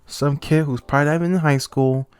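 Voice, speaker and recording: A young man talking into a close mic as a YouTuber, ranting heatedly and swinging between angry outbursts and calmer stretches. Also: fairly high pitch, fast talker, clear, resonant tone, no room sound. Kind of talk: ranting commentary.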